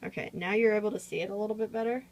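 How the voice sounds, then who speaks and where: A woman talks her way through a drawing tutorial in a loose, meandering chat, full of fillers. Her voice sits at an ordinary middle pitch. It is recorded on a phone camera. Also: fairly even intonation, racing, slight background noise, low-quality recording. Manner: rambling, chatty, many fillers.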